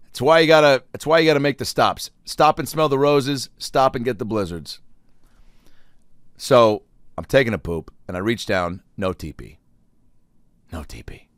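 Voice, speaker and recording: A man telling a rambling, profane comic story in a casual monologue, breaking into loud acted-out quotes. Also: medium pitch, moderate pace, long pauses, no echo, studio quality. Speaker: comedian.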